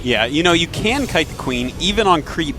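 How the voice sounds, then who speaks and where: A man's voice: a little high, expressive, moderate pace. A man casting a live video game match, talking casually and joking while he analyzes the play. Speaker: esports caster.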